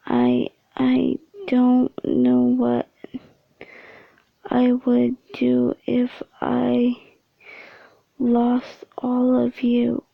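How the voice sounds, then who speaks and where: Give me a woman playing a tearful female dog in a whispered role-play, hesitant and flat. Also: on the high side, drawn-out words, vocal fry, pauses often, no echo, phone-quality sound, heavily acted. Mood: shaken. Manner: hesitant, stammering.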